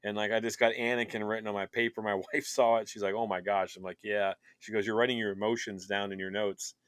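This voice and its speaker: A man co-hosting a show, chatting in an excited, rambling way with plenty of fillers. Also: lowish voice, quick pace, clean tone, no echo, clean studio sound. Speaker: podcast co-host. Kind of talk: casual chat.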